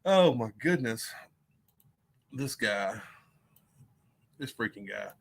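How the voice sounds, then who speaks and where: A man hosting an online tournament stream, casual and excitable, laughing and swearing as he talks. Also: mid-range voice, slow pace, vocal fry. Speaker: tournament host.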